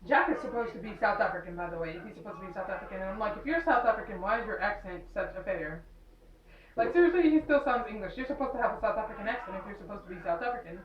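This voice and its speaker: A woman's voice: medium pitch, reverberant, far from the mic, muffled recording, a little hiss or hum. A young woman casually recapping a movie, rambling with lots of fillers and sarcastic asides. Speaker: movie reviewer.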